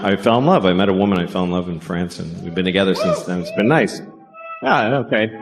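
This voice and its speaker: A middle-aged man doing a stand-up comedy set on stage, deadpan and profane, acting out bits. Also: lowish voice. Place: stage before a live audience.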